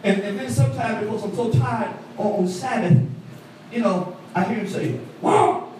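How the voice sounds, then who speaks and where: A man preaching an animated call-and-response sermon, recorded from a distance in a church. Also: moderate pace, a little hiss or hum. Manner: animated call-and-response preaching, voice swooping high for quoted women. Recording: echoey hall, mic from afar.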